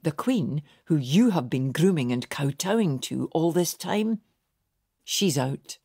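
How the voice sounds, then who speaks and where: A woman narrator voicing a blunt male lord in armour who speaks flatly and dismissively. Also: low voice, takes it slowly, breathy edge, no room sound, studio quality, exaggerated voice.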